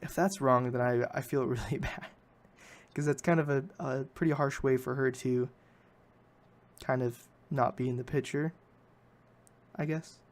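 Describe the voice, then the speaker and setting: A man's voice: mid-range voice, fairly even intonation, unhurried, long pauses. A man hosting a podcast, recapping a film in a rambling, casual way and often correcting himself. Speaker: podcast host.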